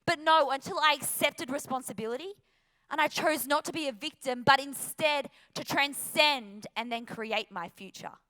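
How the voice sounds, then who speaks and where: Bright, high-voiced Australian woman speaker. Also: normal speed. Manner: earnest, emphatic, rhetorical questions. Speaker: motivational speaker. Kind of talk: motivational talk.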